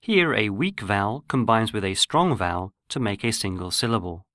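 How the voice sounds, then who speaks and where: A man giving scripted, measured narration for a pronunciation lesson. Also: on the low side, lively intonation, fairly bright tone, dry recording, studio quality. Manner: measured, explanatory. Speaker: language course narrator.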